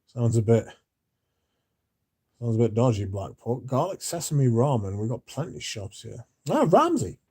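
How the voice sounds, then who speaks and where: A drowsy man rambling through a late-night livestream chat. His voice is very dark and mellow, with a husky edge, and he mumbles now and then as he reads messages aloud. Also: mid-range voice, normal speed, long pauses. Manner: drowsy, yawning, mumbles at times. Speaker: livestream host reading chat.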